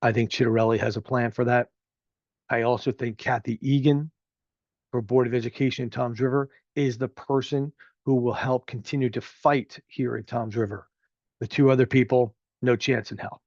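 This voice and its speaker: A man's voice: medium pitch, fairly even intonation, normal speed, darkish tone, no room sound. Chatty middle-aged man, muffled dry sound. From New Jersey. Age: 50s. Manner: chatty, rambling, with frequent filler words. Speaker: show host. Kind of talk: opinionated local commentary.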